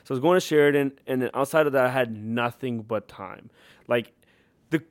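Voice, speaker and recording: A man's voice: mid-range voice, brisk, no echo. Young guy w/ a cali accent telling stories on a podcast, lots of likes and laughs, dry close studio sound. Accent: Californian. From Thailand and California. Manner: animated, laughs often, many "like" fillers. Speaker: podcast guest, rapper. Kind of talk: casual storytelling.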